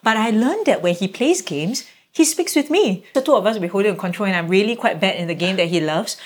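A woman's voice: mid-range voice, fairly quick. A middle-aged woman, a guest parent telling stories casually and acting out quoted reactions. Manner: animated, acts out quoted reactions. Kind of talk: casual conversational storytelling.

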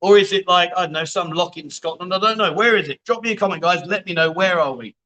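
A man's voice: high-pitched, quick pace, bright, forceful tone, poor audio. A man hosting a casual livestream, reading out viewer comments with blunt, jokey banter and the odd swear word. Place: bar venue.

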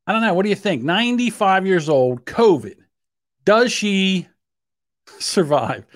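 A man's voice: on the high side, very animated, measured pace, pauses often, dry recording, studio quality. A man co-hosting a casual podcast, rambling and joking and laughing often. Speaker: podcast co-host.

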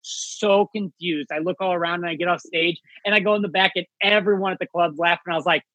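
A male comedian telling a story in casual chat, animated and acting out voices with big jumps in pitch. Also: a little fast, dry recording, poor audio.

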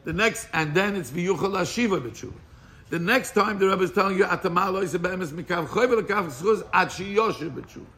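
A man leading an informal Torah class, animated and quizzing his listeners, mixing Hebrew and Yiddish terms into English. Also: high voice, a little fast.

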